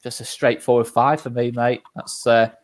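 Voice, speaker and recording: A man co-hosting a live fan stream, steering the chat and reading out poll results in a measured way. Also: medium pitch, steady tone. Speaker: co-host of a fan channel.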